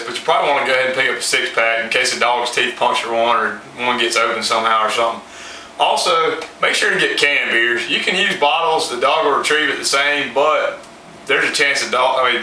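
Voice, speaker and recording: A man teaches dog training in a plain, folksy way, with a bright, sharp edge to his voice. He sounds a little distant from the mic in an echoey home room. A faint hiss of noise sits behind him. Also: medium pitch. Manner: plain, folksy and informal, with many fillers. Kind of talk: instructional how-to talk.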